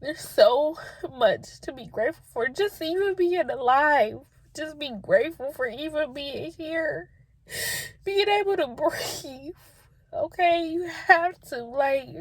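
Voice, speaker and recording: A woman's voice: high-pitched, dry recording. A young woman talking to her viewers on camera, sharing heartfelt personal advice in an earnest, emotional way. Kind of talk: spontaneous heartfelt talk to camera.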